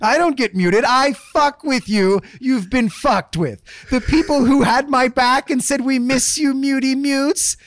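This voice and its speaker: A man playing a vengeful, profane online tough guy in a comedic rant, swearing and shouting threats. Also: extremely high pitch, unhurried, few pauses, no room sound, studio quality. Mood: smug.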